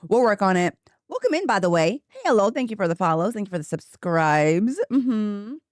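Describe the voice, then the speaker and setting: A woman streaming from a room at home, talking to her chat in a loose, rambling way with plenty of laughter. Her voice sits in an ordinary middle range but leaps upward whenever she gets excited. The sound is close and dry on a desk microphone. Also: moderate pace, no room sound. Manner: chatty and rambling, laughs often; voice jumps higher when happy or excited. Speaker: game streamer. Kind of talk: casual live-stream chat. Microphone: desk microphone with headphones.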